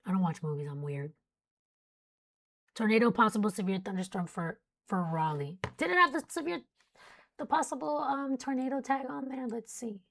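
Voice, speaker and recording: A woman's voice: fairly high pitch, normal speed, vocal fry, a bit bright. Young woman, weather stream host, casual and chatty, yawning late at night. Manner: chatty, reads warnings then jokes with chat. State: sleepy, yawning. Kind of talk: casual live weather coverage.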